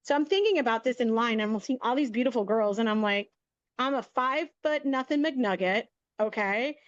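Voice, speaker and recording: A woman's voice: fairly high pitch, normal speed, no echo, lo-fi sound. A middle-aged woman guest telling a story casually and with energy, acting out the lines of the people in it. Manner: chatty, animated, acts out quoted dialogue. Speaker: guest, media entrepreneur.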